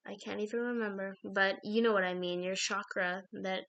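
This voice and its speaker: A woman's voice: medium pitch, steady tone, moderate pace, gravelly, fairly bright tone, lo-fi sound. A woman doing an intuitive card reading to the viewer, in a meandering way full of fillers, often losing her thread and restarting. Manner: meandering, filler-heavy, self-interrupting.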